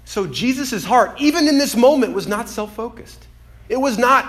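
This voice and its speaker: A man preaching a sermon in an animated way, acting out the voices he quotes and swinging between loud and hushed delivery. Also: very high-pitched, moderate pace. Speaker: pastor.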